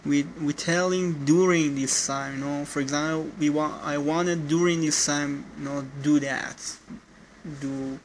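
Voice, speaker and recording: A man giving casual spoken feedback on someone's speaking skills. He talks haltingly, in non-native English phrasing, and often restarts and corrects himself with "no.". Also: fairly high pitch, fairly even intonation, a little hiss or hum, rough recording.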